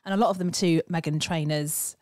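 A woman co-hosting a casual podcast, animated and jokey, calling people "mate". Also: low-pitched, a little fast, dry recording, studio quality. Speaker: podcast co-host. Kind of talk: casual chat.

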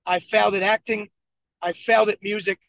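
High gravelly man coaching on a video call. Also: level tone, fairly quick, a bit bright, no room sound. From Buffalo, New York. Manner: emphatic, repetitive storytelling. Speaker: team leader and coach. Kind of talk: motivational coaching talk. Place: moving vehicle. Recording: dull lo-fi video call audio.

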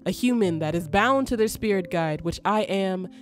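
Casting: woman voicing a calm, formal male spirit guide, measured delivery, light game music behind. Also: mid-range voice, lightly acted. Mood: solemn. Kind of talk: reading game dialogue aloud.

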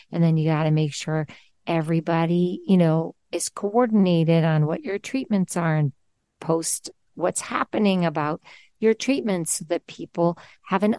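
A woman hosting a video-call conversation, talking in an earnest, encouraging way and gently giving advice. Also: lowish voice, no room sound, clean studio sound. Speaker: host.

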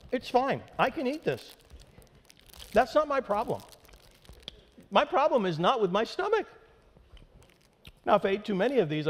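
A man's voice: a little high, slight background noise. A male pastor giving a sermon, emphatic and conversational with dry humor. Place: church sanctuary. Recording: long hall reverb in a church.

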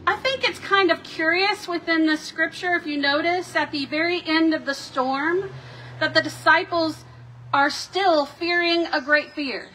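A woman pastor delivering a sermon in a measured, reflective way, voicing the questions of scripture with drama. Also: extremely high pitch, pushed and bright, slight background noise. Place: church sanctuary.

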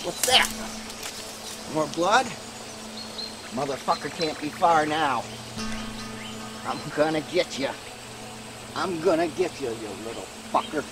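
A man's voice: on the high side, animated, slow pace, long pauses, music in the background. A man playing a foul-mouthed, short-tempered hunter grumbling in the woods. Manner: profane, grumbling.

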